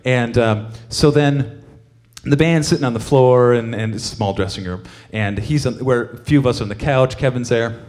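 A man's voice: mid-range voice, moderate pace, hardly any pauses, darkish tone. A man telling a long, rambling story to an audience between songs, with many fillers and restarts, laughing as he goes.

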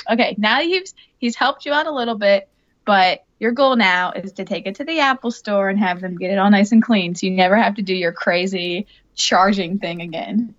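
A woman co-hosting a podcast, chatting casually and acting out her own reactions in a lively way. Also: mid-range voice, brisk, dull audio. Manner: lively, acts out her own past thoughts in raised voice. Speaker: podcast co-host. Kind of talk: casual chat.

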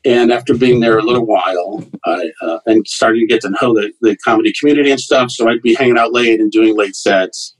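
A man's voice: lowish voice, a little fast, hardly any pauses, rough recording. A man, a comedian guest, telling loose anecdotes with fillers and restarts in a casual interview.

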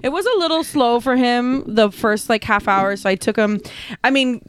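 A woman's voice: a little high, moderate pace, a little hiss or hum. Chatty young woman telling a story. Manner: rambling storytelling with many likes and restarts. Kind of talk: casual chat.

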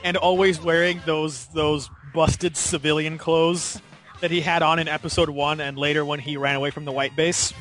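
A man hosting a podcast in casual discussion, animated and laughing often as he retells a story. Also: a little high, moderate pace. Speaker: podcast host.

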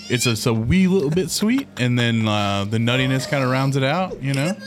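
A man's voice: mid-range voice, brisk. A man co-hosting a casual podcast, chatting and joking over a beer tasting. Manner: joking, animated, laughs often. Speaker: podcast co-host.

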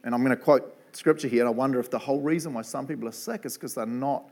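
A middle-aged man with a New Zealand accent delivers a sermon in a loose, conversational way. His voice sits at an ordinary medium pitch, and he keeps tagging on "eh" and "right". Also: fast, darkish tone. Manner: casual and chatty, lots of "eh" and "right". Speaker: preacher and Bible college principal.

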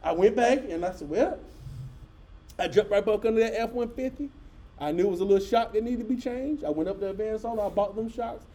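Man, pastor, high voice, mellow tone, folksy animated sermon. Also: a little fast. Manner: folksy, animated storytelling with audience asides. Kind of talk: storytelling sermon.

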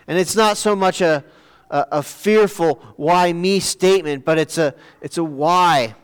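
A man preaching a sermon, pausing and repeating words as he searches for the next phrase. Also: a little high, smooth. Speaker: pastor. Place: church sanctuary. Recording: long church reverb.

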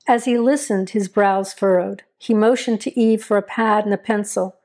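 A woman narrates a crime story in an even, measured reading. Her voice sits at a middle pitch for a woman.

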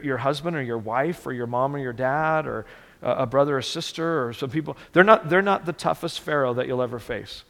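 Man, pastor, gravelly voice, earnest sermon, long hall reverb. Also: on the high side, fairly bright tone. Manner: earnest, repeats words for emphasis.

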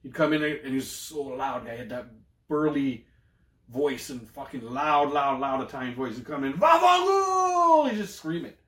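A man's voice: medium pitch, steady tone, moderate pace, reverberant. A Canadian man co-hosting a podcast, telling loose, profane stories full of slang in casual chat. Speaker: podcast co-host.

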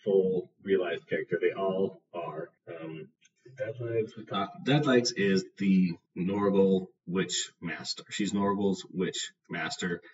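A man's voice: deep voice, fairly even intonation, slow pace. A man hosting a solo book review podcast, talking in a casual, rambling way full of fillers. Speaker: podcast host. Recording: distant, dull lo-fi with faint noise.

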